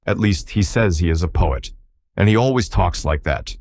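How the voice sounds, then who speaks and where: A man's voice: low voice, animated, moderate pace, vocal fry, darkish tone, a little hiss or hum. A man voicing a nervous, apologetic upper-class young man who stammers and bumbles through his words. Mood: flustered.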